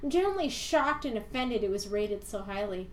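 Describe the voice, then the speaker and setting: A woman's voice: medium pitch, lively intonation, a little fast. A woman co-hosting a casual film podcast, reading viewer reviews aloud in a mocking, theatrical way. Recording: echoey room with faint background noise.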